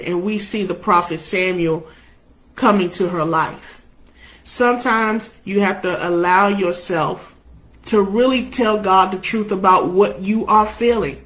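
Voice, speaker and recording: A woman's voice: mid-range voice, fairly bright tone, rough recording. A young adult woman preaching a sermon, impassioned, her delivery rising and falling with emotion.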